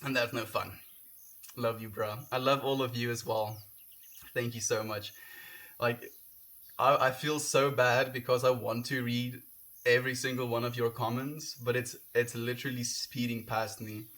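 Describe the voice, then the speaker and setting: Streaming outside on a windy day, a young Afrikaans-raised man from South Africa reads his chat aloud and gushes sincere gratitude between comments. His voice is middle-pitched and a bit bright, with little pitch movement and a normal speed, and his manner is casual and heartfelt.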